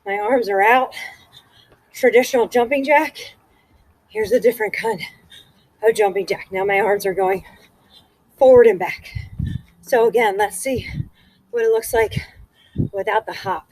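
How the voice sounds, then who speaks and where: A woman's voice: fairly high pitch, big pitch swings, unhurried, long pauses, a little mellow, no echo, low-quality recording. A woman fitness instructor leading a workout and counting reps aloud, out of breath and encouraging.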